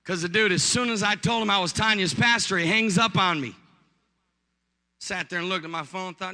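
High, bright-voiced preacher in a reverberant church. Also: male voice, normal speed. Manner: animated, joking, builds to shouting. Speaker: pastor. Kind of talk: storytelling sermon.

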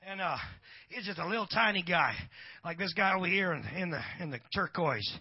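Middle-aged preacher guy, high voice, folksy, amens everywhere, dull lo-fi church tape. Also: a little fast, husky. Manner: folksy, peppers lines with amen and praise God. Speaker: pastor. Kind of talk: preaching a sermon.

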